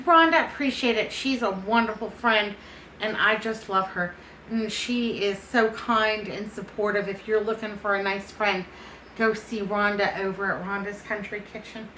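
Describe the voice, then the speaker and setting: A woman's voice: fairly high pitch, sharp tone, reverberant, slight background noise, poor audio. A middle-aged woman from the chatting casually to camera, affectionate and folksy, feeling a bit foggy and unsteady. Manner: chatty, affectionate, calls people honey and baby. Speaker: vlogger.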